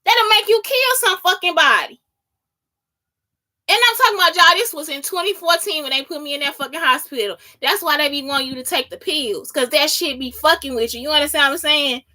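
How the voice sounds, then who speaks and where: A woman's voice: high voice, a little fast, bright, forceful tone. A woman hosting a podcast in a casual solo monologue, heated and profane, who keeps asking her listeners if they understand. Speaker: podcast host.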